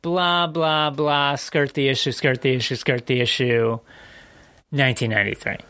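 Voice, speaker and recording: A man's voice: mid-range voice, fairly even intonation, normal speed, pushed and bright, smooth. A man co-hosting a podcast in casual chat, talking bluntly and swearing freely. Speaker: podcast co-host.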